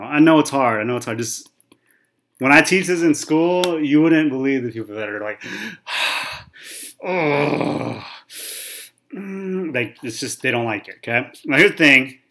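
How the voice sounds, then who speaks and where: With a mid-range, slightly bright voice, a man in his thirties teaches math at a whiteboard in a relaxed, talkative way, repeating "okay" and "right" often.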